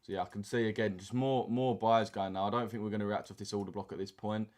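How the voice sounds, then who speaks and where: A man's voice: fairly low pitch, steady tone, quick pace, a little mellow. A young man, hosting a trading live stream and chatting casually with viewers in slang while reading the chat aloud. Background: keyboard typing and mouse clicks.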